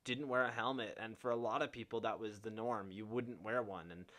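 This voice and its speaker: A man's voice: lowish voice, steady tone, brisk, fairly bright tone. A young man hosting a podcast in casual chat, laid-back, peppering his talk with swearing and fillers. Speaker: podcast host.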